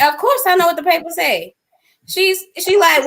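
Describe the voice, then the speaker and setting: High-voiced woman telling her story animatedly. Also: moderate pace, low-quality recording. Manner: acts out quoted dialogue in lively voices. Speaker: interview guest sharing a testimony.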